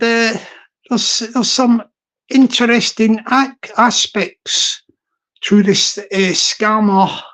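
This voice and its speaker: A livestream host chats casually to viewers, rambling along and circling back to repeat phrases over and over. The voice sits at a middling pitch, and greetings to the chat come out effusive and drawn out.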